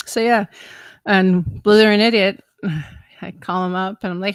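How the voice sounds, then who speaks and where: A woman in her thirties tells a story in a casual podcast chat, acting out every quote and laughing along the way. Her voice sits at a middle pitch. The sound is dry and close to the mic. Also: normal speed, no room sound. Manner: animated, laughing storyteller who acts out quotes. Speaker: podcast co-host.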